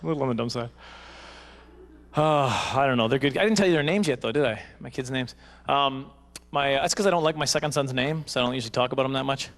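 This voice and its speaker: A man's voice: medium pitch, fast, a bit bright. A man doing self-deprecating, rambling stand-up comedy at a live banquet.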